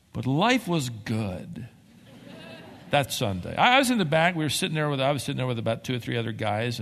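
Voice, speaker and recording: A man preaching a sermon as pastor, telling stories with emphatic, animated delivery. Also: a little high, vocal fry, in a large hall. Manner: animated storytelling, emphatic swings.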